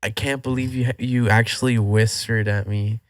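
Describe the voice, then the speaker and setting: A man's voice: mid-range voice, normal speed, dry recording, clean studio sound. A man joking around as a guest in a casual podcast conversation. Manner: joking, even-toned. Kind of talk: casual chat.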